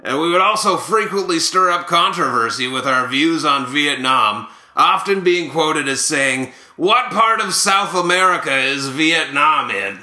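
A man playing an older male ex-ballplayer who tells rambling, boastful, made-up stories in a deadpan way. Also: on the high side, unhurried, hardly any pauses, reverberant, heavily acted.

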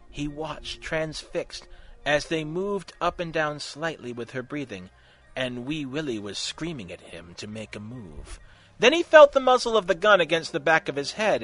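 A man narrating a comic fan fiction story in an animated, mocking way. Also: a little high. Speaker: story reader.

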